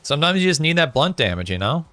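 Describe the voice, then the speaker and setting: A man's voice: on the high side, very animated, quick pace, bright, forceful tone, dry recording. Chatty male game streamer. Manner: chatty, reads out chat, frequent fillers. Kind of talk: casual live-stream chat while gaming. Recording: faint music behind.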